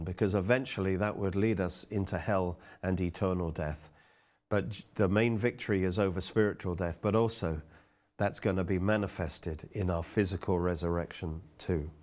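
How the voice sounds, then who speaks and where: A middle-aged man preaches with fervor, his voice sitting on the low side. He reads scripture aloud and then explains it. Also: darkish tone. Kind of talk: sermon.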